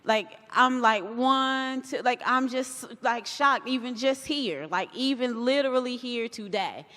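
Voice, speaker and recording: Woman guest speaker, casual and animated, lots of acted-out quotes, live in a large reverberant hall. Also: fairly high pitch, measured pace. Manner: chatty and animated, acts out quoted voices. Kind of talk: casual talk to a live audience.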